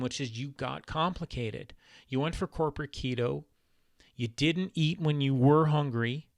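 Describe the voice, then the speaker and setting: A man's voice: on the high side, fairly bright tone, no echo, clean studio sound. A man talking in a casual instructional vlog about diet, emphatic, exasperated and blunt. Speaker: keto diet vlogger.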